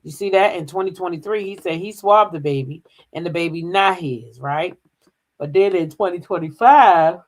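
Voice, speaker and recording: Low-voiced woman chatting on gossip. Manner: chatty, drawn-out filler hums, reads news aloud. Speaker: gossip channel host. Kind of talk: casual commentary.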